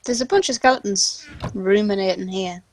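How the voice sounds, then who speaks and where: A woman's voice: medium pitch, normal speed, slight background noise. A woman chatting casually as a fellow player during a game stream, in a dry, teasing way. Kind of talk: casual gaming chat.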